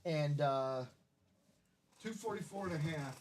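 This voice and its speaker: A man's voice: a little high, a little slow, background noise. A man hosting a live card break stream, chatting casually and reeling off player names in a jokey, upbeat way.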